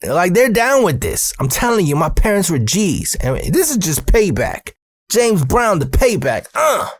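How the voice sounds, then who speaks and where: A man telling a story from his youth in a casual, profane, animated way, full of slang. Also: sits high, measured pace, dry recording.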